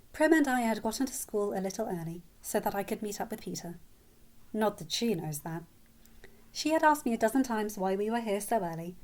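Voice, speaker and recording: A woman's voice: mid-range voice, darkish tone. A woman reading first-person fan fiction aloud as an audiobook narrator.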